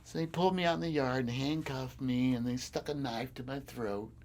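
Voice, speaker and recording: A man's voice: mid-range voice, a little fast. A man with a mid-range voice tells his stories in an oral history interview. He acts out the voices of the people in them and chuckles often as he goes. He is recorded on a recorder sitting on a desk. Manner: animated storyteller who acts out quoted voices; chuckles often while telling. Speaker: farmer interviewee.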